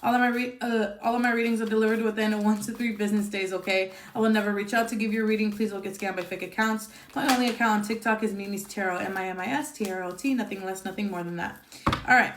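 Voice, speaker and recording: A woman's voice: mid-range voice, steady tone, fast, roomy sound, a little hiss or hum. A woman giving a casual tarot reading, talking bluntly and swearing freely, with lots of fillers and tag questions. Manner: chatty and blunt, swears freely, frequent "okay?" and "um". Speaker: tarot reader.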